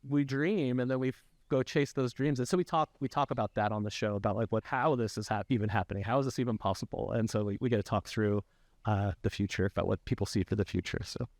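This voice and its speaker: Chatting enthusiastically as a tech podcast guest, a male developer educator keeps restarting himself and ending points with "right?" in an animated, casual manner. He has a lowish voice and a quick pace, with no room sound.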